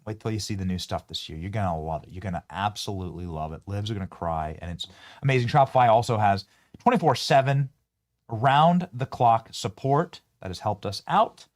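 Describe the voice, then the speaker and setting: A man hosting a political commentary show, mocking and animated, often breaking into laughter. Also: lowish voice, fairly quick. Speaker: host.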